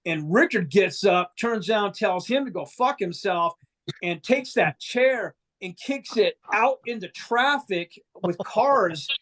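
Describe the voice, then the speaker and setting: A man's voice: sits high, a bit bright. A man, a guest musician, telling a long anecdote in a casual, profane, rambling way with frequent restarts. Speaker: band member guest. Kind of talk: casual storytelling.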